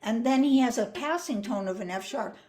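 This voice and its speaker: A woman's voice: on the high side, a little fast, warm tone. An older woman teaching flute phrasing, explaining patiently and singing rhythms and counting beats aloud. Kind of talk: music masterclass.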